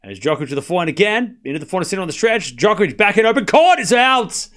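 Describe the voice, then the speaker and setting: Excitable man calling tennis live. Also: sits high. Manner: rapid rally calling, bursts into excited shouting on big points; teasing banter with chat. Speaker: live tennis watchalong commentator. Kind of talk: live stream play-by-play commentary.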